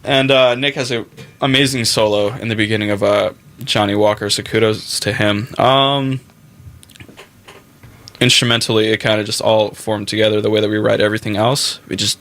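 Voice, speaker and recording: A man with a lowish voice that still sounds bright and forceful. He is a band musician talking casually as an interview guest, chatty and quick with his asides. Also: little pitch movement. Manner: chatty, quick asides, acts out quotes in a high voice.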